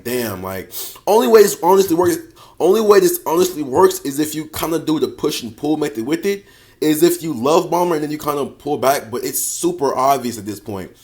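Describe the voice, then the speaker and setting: A man giving dating advice as a coach in a casual, slangy, profane monologue, often repeating phrases and calling the listener bro. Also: on the high side. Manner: slangy, profane, emphatic street talk.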